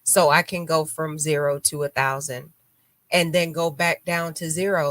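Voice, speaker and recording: A woman with a notably low voice hosts a live radio talk show. She chats casually and bluntly, telling stories with animated flair and acting out what people said. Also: normal speed, dry recording. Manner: blunt, animated storytelling with acted quotes. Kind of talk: casual chat.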